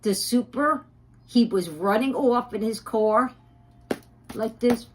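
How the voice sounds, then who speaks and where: A woman's voice: on the high side, takes it slowly. A woman ranting on a livestream, profane and indignant, with frequent fillers and restarts.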